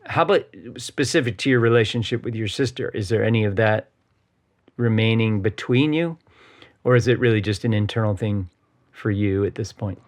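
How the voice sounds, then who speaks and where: A man's voice: lowish voice, normal speed. A man co-hosting a podcast, talking casually and rambling, with lots of fillers and little checks for agreement. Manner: rambling, loaded with fillers like "you know" and "right". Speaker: podcast co-host. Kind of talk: casual personal conversation.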